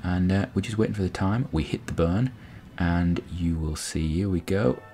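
Soft music plays in the background as a man with a low, mellow voice talks through a space game at a moderate pace. His commentary is casual and rambling, explaining each move with frequent restarts.

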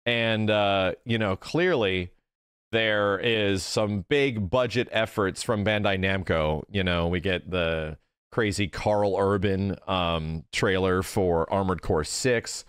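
A man's voice: low voice, slow, clean tone, no room sound, studio quality. A man hosting a casual gaming reaction video, talking loosely and breaking into exasperated, ranting outbursts.

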